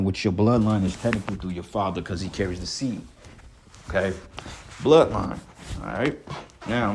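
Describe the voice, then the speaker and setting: A man reading scripture aloud and breaking into blunt, profane commentary, often tagging his lines with "okay" and "man." He reads single words slowly, giving each one weight. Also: lowish voice, a little mellow. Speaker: scripture teacher.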